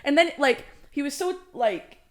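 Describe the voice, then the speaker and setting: A woman's voice: sits high, lively intonation, normal speed. A young woman, an artist's manager, telling stories as a podcast guest in a chatty, enthusiastic way, full of "like". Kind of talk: casual podcast chat.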